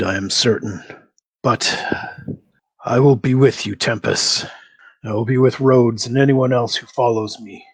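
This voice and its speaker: A man voicing a mighty male war god who speaks slowly and formally, with a gravelly, husky voice. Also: lowish voice, full character voice. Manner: grave, slow, formal speech.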